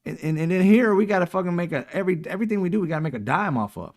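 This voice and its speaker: This political show host has a high-sitting, expressive, slightly mellow voice, racing along with hardly any pauses. On his casual livestream he speaks emphatically, mocking opponents by putting on quotes.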